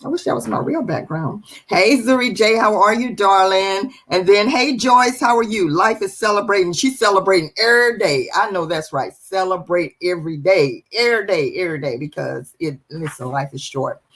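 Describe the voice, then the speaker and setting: A woman hosting a live-stream show, lively and chatty, greeting viewers by name. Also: medium pitch, moderate pace, hardly any pauses. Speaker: livestream host.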